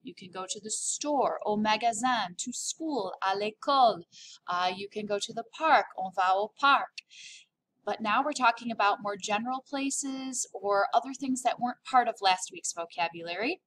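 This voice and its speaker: A woman's voice: mid-range voice, normal speed, a bit bright, slight background noise. An upbeat, playful woman teaching a recorded French lesson, drawing out words to model pronunciation.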